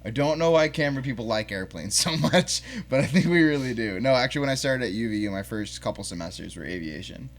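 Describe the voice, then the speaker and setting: A man's voice: mid-range voice, animated, fast, hardly any pauses. A man talking as a podcast guest in casual chat, laid-back and slangy, laughing easily.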